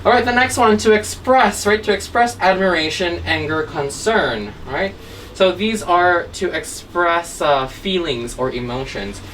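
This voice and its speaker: A woman's voice: lowish voice, unhurried, a bit bright. A woman teaching English grammar in an online lesson, often checking in with "right?" and "okay?". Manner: tags sentences with "right?" and "okay?". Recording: distant mic with faint background noise.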